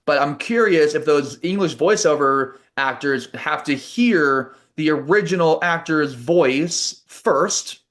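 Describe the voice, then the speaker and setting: A man's voice: fairly high pitch, fairly bright tone. A man hosting a podcast interview, asking curious questions in a casual tone. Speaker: podcast host.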